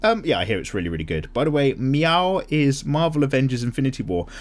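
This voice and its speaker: Man, art channel host, casual comment-reading chat, rambling, self-deprecating, bouncy pitch, middle register. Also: big pitch swings, quick pace. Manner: upbeat, with frequent ums.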